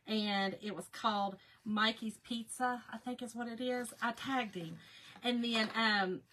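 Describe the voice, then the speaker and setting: A woman's voice: fairly high pitch, sharp tone, a little hiss or hum. A woman hosting a casual live crafting chat, talking to viewers by name and laughing often. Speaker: craft livestream host.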